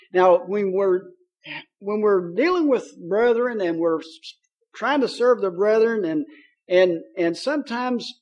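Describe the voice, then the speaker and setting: A preacher with a notably high voice for a man delivers a sermon. He talks in a folksy, conversational way and paraphrases scripture in plain speech. When he reads verses aloud, he slows down on the key phrases. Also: darkish tone, dull audio.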